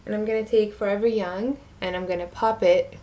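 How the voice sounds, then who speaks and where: A young woman narrating a makeup tutorial, gushing and easily excited as she talks to her viewers. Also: medium pitch, fairly quick. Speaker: beauty vlogger.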